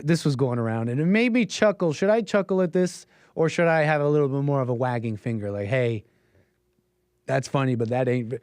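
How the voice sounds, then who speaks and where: Man, livestream host, slightly sick, rambling, chuckling, fairly high voice, dry close mic. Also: a little mellow, smooth, dry recording. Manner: rambling, chuckling, self-interrupting. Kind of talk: casual call-in stream commentary.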